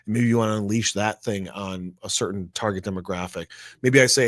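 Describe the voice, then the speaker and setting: Chatty man with a low voice, dry sound. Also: a little fast, no echo. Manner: chatty, thinks aloud, asks rhetorical "right?". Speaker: co-host. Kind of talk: casual tech discussion.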